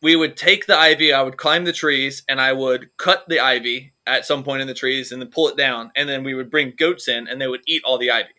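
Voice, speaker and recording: A man's voice: medium pitch, fairly even intonation, fairly quick, hardly any pauses, sharp tone. A man co-hosting a comedy podcast, rambling through jokes and swearing freely in casual chat. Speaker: podcast co-host.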